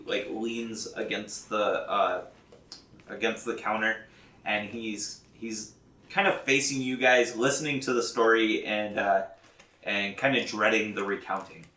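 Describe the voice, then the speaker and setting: A man running a tabletop game as game master, talking haltingly with many fillers and restarts, and laughing often. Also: fairly low pitch, sharp tone, echoey room, distant mic. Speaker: dungeon master.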